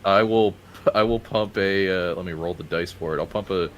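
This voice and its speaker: A man playing a tabletop game, chatty and quick to laugh. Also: sits low. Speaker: player. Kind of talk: casual tabletop play.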